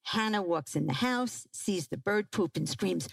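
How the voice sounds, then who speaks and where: Woman parenting speaker, lively pitch, unhurried delivery, engages audience with questions. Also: vocal fry, dry recording, low-quality recording. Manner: animated, asks the audience questions. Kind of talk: talk to a live audience.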